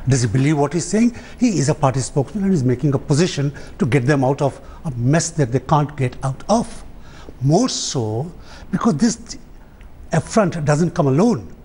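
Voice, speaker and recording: A man's voice: on the high side, warm tone, breathy edge. A man, a debate guest speaking in an impassioned, aggrieved way. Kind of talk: political debate.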